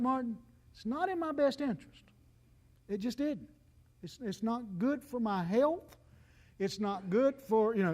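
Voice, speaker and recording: A man's voice: high voice, a little mellow. A man, preaching a folksy, joking sermon and talking straight to the congregation. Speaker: pastor.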